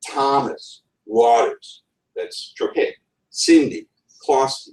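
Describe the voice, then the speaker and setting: A man's voice: medium pitch, big pitch swings, normal speed, darkish tone. A man giving a conference talk on writing, with wry asides and a chuckle in his voice. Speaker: conference speaker. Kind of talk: presentation on writing. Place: conference room. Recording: roomy, from far off the mic.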